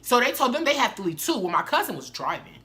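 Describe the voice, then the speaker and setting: Animated young woman telling a story. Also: fairly high pitch, fast talker. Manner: animated, slangy, addresses viewers as y'all. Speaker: vlogger. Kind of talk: casual storytelling to camera.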